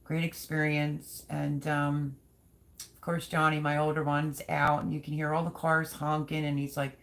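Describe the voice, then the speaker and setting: Chatty woman with a gravelly voice. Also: sits low, little pitch movement, fairly quick. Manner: chatty, rambling, thinks aloud. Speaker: livestream host reading viewer chat. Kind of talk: casual livestream chat.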